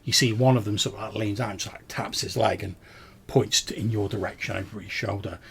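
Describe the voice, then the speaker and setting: A man's voice: lowish voice, fairly even intonation, a little fast, vocal fry, fairly bright tone, slight background noise. A man narrating a tabletop game as game master, rambling through descriptions full of fillers.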